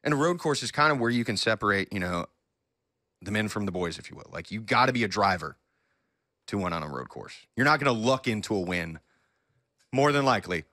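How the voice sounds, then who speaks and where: A man's voice: lowish voice, animated, brisk, bright, forceful tone, no room sound, studio quality. A man hosting a casual chat, easygoing and joking. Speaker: host.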